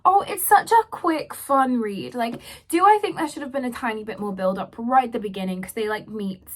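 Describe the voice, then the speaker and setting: Twenties book vlogger, rambling and chatty, voice going a bit hoarse, pitched on the higher side. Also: female voice, animated, brisk. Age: 20s. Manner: chatty, rambling, full of "like" fillers. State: slightly hoarse, losing her voice. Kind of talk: casual vlog chat.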